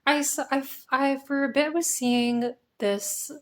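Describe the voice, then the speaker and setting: Young woman musing, hedging softly. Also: high-pitched, steady tone, unhurried. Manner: thoughtful storyteller, hedging with "I guess". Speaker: podcast co-host. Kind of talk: casual chat.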